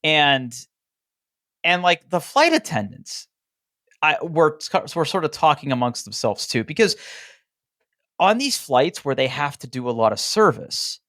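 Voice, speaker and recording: A man's voice: on the high side, unhurried, pauses often, no room sound, studio quality. A man co-hosting a casual podcast, telling a story with lots of filler words and acting out the dialogue of the people in it. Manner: animated storytelling, acts out quoted dialogue; frequent "like" fillers and restarts. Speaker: podcast co-host. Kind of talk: casual chat.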